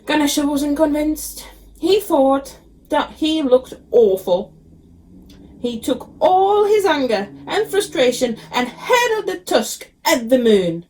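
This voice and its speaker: Woman reading a picture book to children. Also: high voice. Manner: expressive storybook reading, frequent ums. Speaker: teacher.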